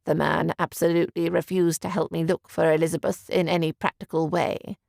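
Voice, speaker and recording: A woman reading an audiobook, voicing a grave, lovesick young gentleman who speaks low, slow and heavy-hearted. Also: level tone, gravelly, dry recording, clean studio sound. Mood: despondent.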